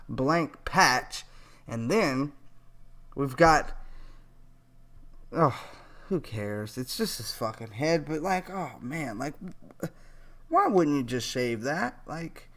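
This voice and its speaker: A man's voice: medium pitch, fairly bright tone. A man riffs through casual reaction commentary, cursing and sounding openly incredulous. His voice swings widely up and down as he rambles from one aside to the next. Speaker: vlogger reacting to a TV clip.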